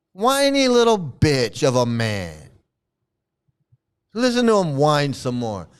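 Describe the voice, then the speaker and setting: A man's voice: high voice, smooth. A man hosting a stream, giving angry, mocking commentary full of profanity. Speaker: host. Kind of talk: ranting commentary on a replayed stream.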